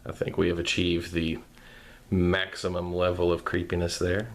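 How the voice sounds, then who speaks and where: A man calmly narrating a craft tutorial in a soft-spoken, step-by-step way. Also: sits low, moderate pace.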